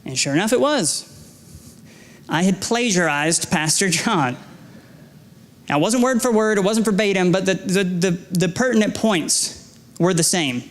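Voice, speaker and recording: A young man gives a guest sermon in a church, his voice sitting high for a man. He exhorts with stacked, repeated phrases and stammers into restarts when he leans on a point, mixing in self-deprecating stories. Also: measured pace, pauses often. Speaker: guest preacher. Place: church sanctuary.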